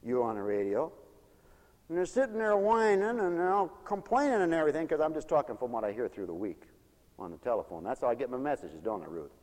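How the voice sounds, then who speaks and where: A man's voice: mid-range voice, very animated, fast, a little mellow, big-room sound. A man preaching a folksy sermon, acting out the people he quotes.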